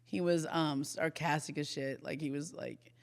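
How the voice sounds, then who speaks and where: A woman sports reporter telling animated stories in a casual podcast chat, laughing often. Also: low-pitched, moderate pace, gravelly.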